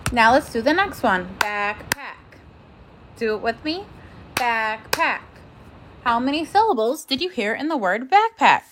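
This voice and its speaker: A woman teaching a phonics and grammar lesson to young children, speaking slowly and carefully in an encouraging classroom manner. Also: high-pitched, big pitch swings, background noise.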